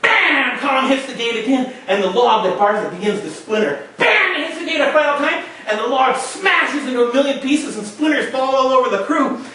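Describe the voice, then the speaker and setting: A male storyteller performing a tale dramatically, with shouted sound effects. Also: very high voice, expressive, a little fast, few pauses, slight background noise. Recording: echoey room, mic far off.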